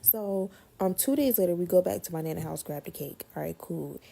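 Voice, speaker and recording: A woman recounting a family story in a casual, animated way, blunt and quick to swear. Her voice is gravelly and husky, with a low, dark tone. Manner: animated, blunt, swears freely, repeats words for effect.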